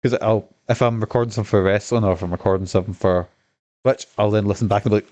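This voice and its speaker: A man's voice: on the low side, flat delivery, very fast, darkish tone, no room sound. A man with a Scottish accent chatting through a video game, rambling, swearing and mocking himself. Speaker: streamer. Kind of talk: casual gameplay commentary.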